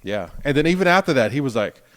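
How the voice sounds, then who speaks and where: A man's voice: medium pitch, very animated, quick pace. Laid-back Philadelphia man co-host. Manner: laid-back, recaps scenes, trails off quietly. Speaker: podcast co-host. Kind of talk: casual chat.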